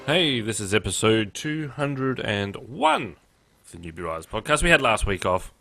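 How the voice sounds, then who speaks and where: A man co-hosting a podcast in casual chat, telling anecdotes with dry, deadpan humor. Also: on the low side, normal speed, loud music behind the voice. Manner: tells anecdotes. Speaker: podcast co-host.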